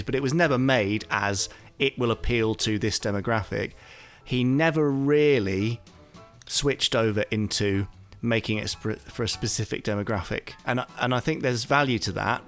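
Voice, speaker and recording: A man talking as a podcast guest, thoughtful and hesitant with many pauses and fillers. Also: lowish voice, a bit bright. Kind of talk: casual podcast talk.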